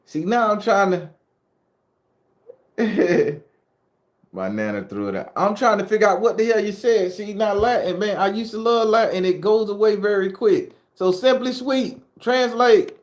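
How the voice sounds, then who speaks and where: A man's voice: sits high, expressive, moderate pace, few pauses, roomy sound. Loose, profane storytelling man. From southern Florida, USA. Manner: loose, profane, joking storyteller talking to chat. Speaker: host of a spooky-story channel. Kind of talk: casual live-stream chat answering viewers.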